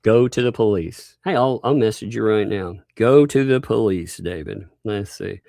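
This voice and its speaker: On the low side and gravelly yet mellow, this livestream host's voice moves at a moderate pace with hardly any pauses, recorded dry at studio quality. His rant is combative and mocking, full of swearing, with laughter between lines.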